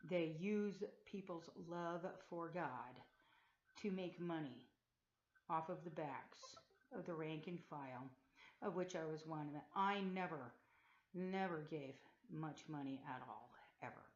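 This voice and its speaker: A woman giving an earnest, halting personal testimony to a webcam, with many pauses and fillers, recorded in a room of a group home on a loaner computer's built-in mic. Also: sits low, darkish tone. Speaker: former Jehovah's Witness telling her story. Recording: echoey room, dull lo-fi laptop mic.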